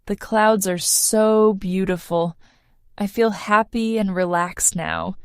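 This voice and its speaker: A woman narrating a simple first-person story for English learners, clear and measured. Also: medium pitch, steady tone, no room sound, clean studio sound. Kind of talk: slow read-aloud story for learners.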